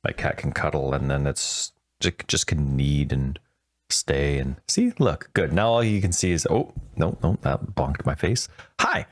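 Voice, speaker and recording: A man co-hosting a gaming podcast in casual chat, rambling and animated, quick to laugh, talking close to a desk mic. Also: rumbling low. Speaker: podcast co-host.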